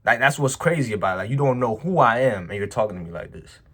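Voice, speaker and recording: A business owner tells a personal story in a casual vlog monologue, speaking quickly in a mid-range, slightly rough voice. He's animated and emphatic, full of slang, and keeps saying "bro."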